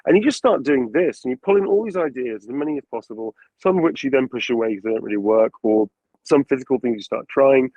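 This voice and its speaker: A man, a voice actor, answering interview questions about his craft in an animated way and acting out voices as he goes. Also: medium pitch, quick pace, no echo, dull audio. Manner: animated, acts out quotes and voices. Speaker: voice actor guest.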